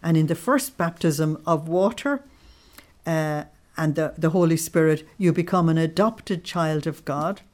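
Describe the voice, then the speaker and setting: Woman teaching, lowish voice. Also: measured pace, darkish tone. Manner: explains readings, checks in with listeners. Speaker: religious teacher. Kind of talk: devotional study talk.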